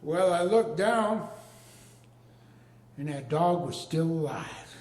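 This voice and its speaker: An older man telling a comic story on stage in a folksy, deadpan drawl. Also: on the high side, slow pace, long pauses, slight background noise. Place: arts venue stage with a live audience. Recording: echoey hall with long reverb.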